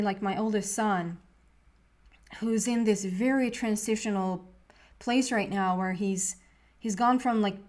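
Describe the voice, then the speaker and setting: A woman's voice: medium pitch, a little mellow. A woman giving a casual tarot reading to camera, rambling and earnest, with lots of fillers and restarts, and openly emotional at times. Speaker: tarot reader.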